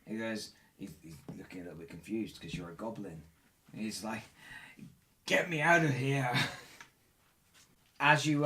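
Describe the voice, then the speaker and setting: A man narrating as dungeon master, describing the scene in a lively way and asking players for rolls. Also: on the low side. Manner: lively, laughing storyteller. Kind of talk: narrating a tabletop game.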